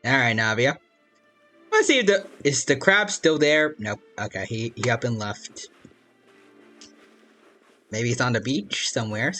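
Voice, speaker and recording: A man's voice: mid-range voice, animated, unhurried, pauses often, bright, forceful tone, soft background music. Casual man streamer; playful, chatty, reads out chat between plays. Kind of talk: casual live game commentary.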